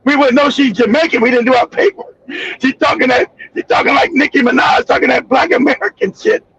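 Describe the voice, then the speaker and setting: High raspy-voiced dude ranting loud on his stream, gravelly, kinda muffled audio. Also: brisk, a little hiss or hum. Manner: ranting, profane, often shouting. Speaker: live stream host. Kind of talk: heated political commentary stream.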